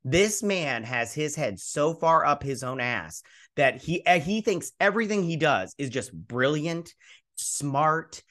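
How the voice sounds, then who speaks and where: A man's voice: on the high side, a bit bright. A man hosting a casual movie review, blunt and exasperated, rambling with fillers and restarts. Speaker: host.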